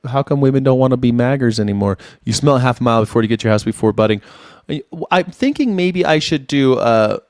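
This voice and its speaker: A man's voice: mid-range voice, a little fast, a little mellow, no echo. Man in his forties, casual livestream host, rambling and laughing, dry close sound. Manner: rambling, laughs often, repeats words. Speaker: independent news and culture commentator.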